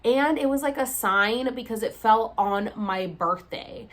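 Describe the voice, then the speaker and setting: A woman's voice: a little high, measured pace. Chatty, tired woman in her thirties. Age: 30s. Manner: chatty, rambling, heavy use of "like" and "um". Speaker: vlogger. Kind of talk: casual storytelling to camera.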